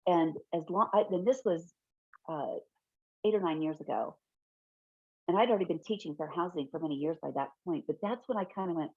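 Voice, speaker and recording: A middle-aged woman giving an online fair housing training from her home office, chatty and quick to laugh, often correcting herself mid-sentence. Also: on the low side, lively intonation, darkish tone, slightly rough, no room sound. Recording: dull, lo-fi webinar audio.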